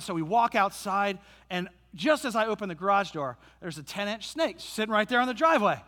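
A male pastor preaching a sermon with animated, humorous storytelling. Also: high-pitched, a little fast, big-room sound.

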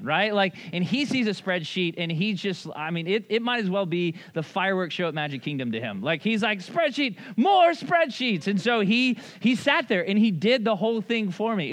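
A man in his thirties, a pastor preaching a sermon in a conversational, animated way, telling stories and acting out quotes. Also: high-pitched. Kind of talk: sermon with storytelling.

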